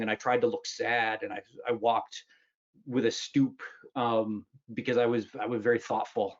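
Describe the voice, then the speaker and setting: In dull audio, a medium-pitched man in his fifties from Wisconsin tells funny stories at a luncheon. The author pokes fun at himself, stumbling through ums and restarts as he goes.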